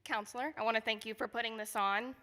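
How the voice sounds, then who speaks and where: A woman's voice: on the high side, fairly even intonation, fast talker, bright, forceful tone. An angry woman giving an impassioned public comment at a community forum in a church. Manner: angry, indignant, voice rising. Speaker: resident speaking at a public forum. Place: church hall. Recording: reverberant hall.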